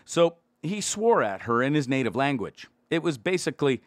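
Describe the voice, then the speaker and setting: Lively male storyteller, dry close sound. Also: medium pitch, moderate pace, no echo. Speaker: story narrator. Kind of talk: scripted narration.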